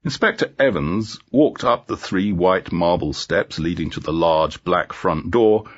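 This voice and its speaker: A man narrating a graded-reader story in a clear, measured way. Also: low-pitched. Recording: dull lo-fi audio.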